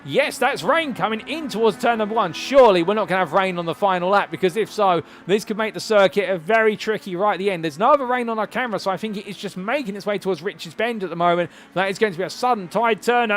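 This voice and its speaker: A man giving live play-by-play commentary on a sim racing event, with rapid calls that rise to excited shouts. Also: high-pitched, a little hiss or hum. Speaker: race commentator.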